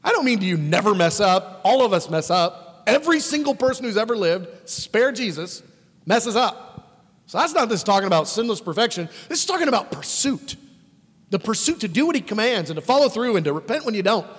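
A man preaching a sermon as a pastor, animated and emphatic, swinging between exclamations and quiet asides. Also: high voice, fairly quick, slightly rough, big-room sound.

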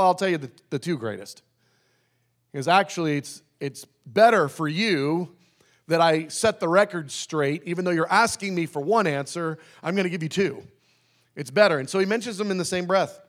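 A pastor preaching a sermon in a conversational way, slowing down to stress key phrases. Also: male voice, on the high side. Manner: conversational, with restarts and emphatic slowed phrases.

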